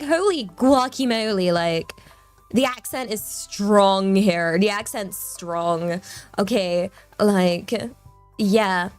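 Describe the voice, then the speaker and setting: A young woman from southern England with a southern English accent, chatting casually on a live stream in a bubbly, rambling way, repeating words as she talks. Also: medium pitch.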